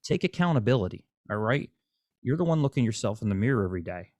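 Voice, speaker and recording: A man's voice: mid-range voice, very animated, quick pace, darkish tone, dry recording. A man hosting a casual interview, speaking bluntly and preachily and swearing freely. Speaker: podcast host.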